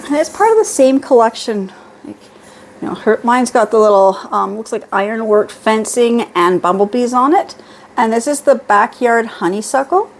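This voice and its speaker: A middle-aged woman with a fairly high voice talks her way through a shopping haul at home. She reads out labels and prices in a chatty, easygoing way. A faint hum sits under her voice. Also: animated, moderate pace. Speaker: beauty vlogger. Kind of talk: casual product haul.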